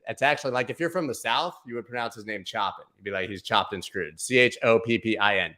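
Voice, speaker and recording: A man hosting a casual livestream giveaway, chatty and playful, now and then slipping into a booming sports-announcer voice. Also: a little fast, bright, forceful tone. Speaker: livestream host.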